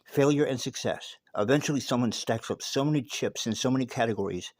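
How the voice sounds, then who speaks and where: A man's voice: mid-range voice, brisk, darkish tone, no room sound, clean studio sound. Profane, emphatic man telling a story. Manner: profane, emphatic, repeats words. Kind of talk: casual spoken monologue.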